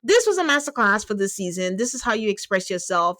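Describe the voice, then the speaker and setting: A woman's voice: a little high, fast, dry recording, clean studio sound. A woman hosting a casual podcast chat, talking with animation and acting out quotes. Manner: animated, acts out quotes from the show. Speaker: podcast host.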